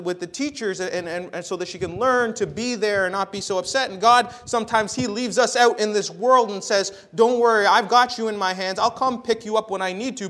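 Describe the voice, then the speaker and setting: A man in his thirties preaching a sermon, telling stories with big swings between loud and quiet, often repeating words as he restarts. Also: high-pitched. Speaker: pastor. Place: church.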